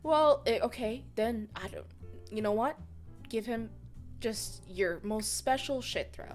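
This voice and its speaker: A woman playing a tabletop role-playing game who sounds amused and a little unsure of herself. She talks slowly and feels her way through her choices. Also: on the high side, animated, a little mellow, faint music behind. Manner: amused, hesitant, quick to laugh. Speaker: player.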